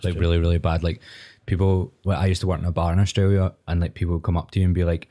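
A man's voice: low voice, level tone, rapid-fire, mellow. A man with a Glaswegian accent, hosting a podcast in casual chat and telling stories with plenty of swearing. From Glasgow, Scotland. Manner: swears freely, tells stories with quoted dialogue. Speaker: podcast host.

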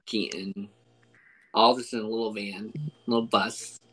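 A man's voice: on the low side, measured pace, a little hiss or hum, poor audio. Joking male podcast host. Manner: joking, relaxed banter. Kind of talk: casual podcast chat.

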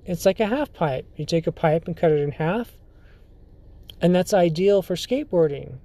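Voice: medium pitch, animated, dark tone, dry recording. A podcast host telling a story casually, hesitant and full of fillers and restarts. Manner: halting, filler-heavy, often restarts sentences.

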